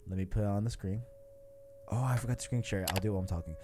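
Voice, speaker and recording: A man's voice: lowish voice, racing, dark tone, slight background noise. A man hosting a casual podcast, rambling with lots of fillers and laughing at himself. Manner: rambling, self-deprecating, laughs often. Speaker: podcast host. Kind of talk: casual podcast chat reading a comic aloud.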